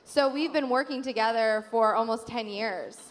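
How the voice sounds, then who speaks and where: A woman's voice: fairly high pitch, moderate pace. A woman speaking as a guest on a live panel, earnest and gushing, with hesitant "um"s. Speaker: wrestler guest. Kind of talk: casual panel chat. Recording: live hall with long reverb.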